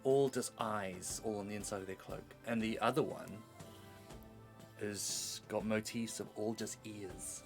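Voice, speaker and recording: A man's voice: fairly low pitch, fairly even intonation, a little slow, music in the background. A man narrating as game master of a tabletop game, rambling through his descriptions. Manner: rambling, with many fillers and restarts.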